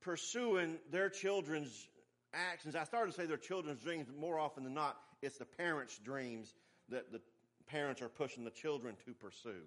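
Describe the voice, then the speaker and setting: A man's voice: fairly high pitch, moderate pace, a bit bright. Folksy preacher man, emphatic. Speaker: pastor. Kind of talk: sermon.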